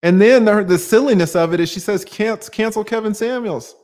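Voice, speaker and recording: Man, high voice, livestream host, emphatic, rhetorical questions, casual swearing. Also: brisk, a little mellow. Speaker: channel host answering viewer comments. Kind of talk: livestream commentary.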